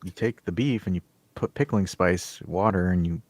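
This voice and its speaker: A man co-hosting a podcast in casual chat, animated and joking as he jumps between topics. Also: low voice, moderate pace, dry recording. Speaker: podcast co-host.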